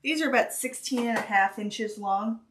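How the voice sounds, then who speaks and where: A woman teaching a stitching project on a live stream, talking slowly and hesitantly with many pauses and restarts while she works. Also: a little high, fairly bright tone, a little hiss or hum. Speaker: craft teacher.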